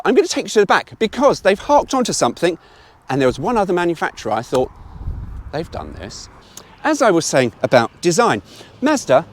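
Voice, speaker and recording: A middle-aged man, giving a chatty, blunt and opinionated car review walkaround with some mild swearing. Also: high voice.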